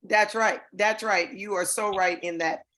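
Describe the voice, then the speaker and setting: A woman's voice: medium pitch, fairly even intonation, a little slow, fairly bright tone. Enthusiastic woman hosting on a video call. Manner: enthusiastic, with many fillers. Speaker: host. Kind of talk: hosting an online awards show.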